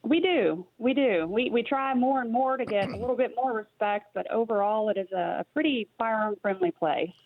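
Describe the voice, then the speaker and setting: A woman's voice: fairly high pitch, normal speed, hardly any pauses, no echo. Woman, Southern accent, earnest guest, casual interview, phone-like sound, dry. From Tennessee. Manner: earnest, with fillers and restarts. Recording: dry tinny phone-like line.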